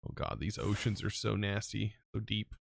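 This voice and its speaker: A man's voice: fairly low pitch, lively intonation, normal speed, creaky, background noise. A man streaming a modded block-building game, chatting casually with his viewers and muttering to himself as he plays. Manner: chatty, talks to chat while playing, muttering lists to himself. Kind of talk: casual live-stream chat.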